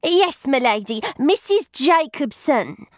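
A woman's voice: high voice, animated, takes it slowly, no echo, clean studio sound, pitched above the performer's own voice. A woman voicing a timid, dim-witted young servant boy who hesitates and stammers.

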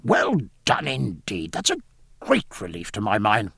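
A man voicing a gruff, hearty old admiral who speaks bluntly, in an audiobook. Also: fairly low pitch, huge pitch swings, unhurried, a bit bright, dry recording, clean studio sound, heavily acted. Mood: bluff hearty. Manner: blunt, bluff, hearty exclamations.

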